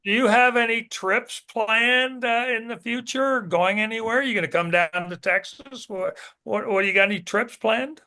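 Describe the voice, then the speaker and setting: A podcast host asking casual questions, stumbling and restarting as he goes. His voice is quite high for a man and has a bright, forceful edge to it. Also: moderate pace. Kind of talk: casual interview.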